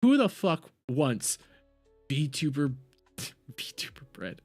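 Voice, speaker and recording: A man's voice: a little high, sing-song, very slow, a little mellow. Give me a man live-streaming reactions, swearing and incredulous, with faint music in the background. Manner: profane, exasperated, breaks into incredulous laughter. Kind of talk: casual live-stream commentary.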